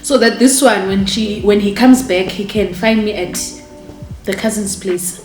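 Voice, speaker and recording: A woman's voice: medium pitch, measured pace. Indignant woman vlogger. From South Africa. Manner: animated, indignant, addresses viewers directly. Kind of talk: storytime vlog. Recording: echoey room with faint music.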